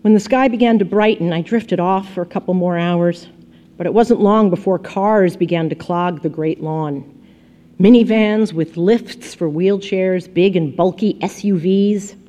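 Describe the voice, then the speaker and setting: Soft-spoken woman reading a novel aloud. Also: lowish voice, measured pace. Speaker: audiobook narrator. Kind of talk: scripted first-person narration.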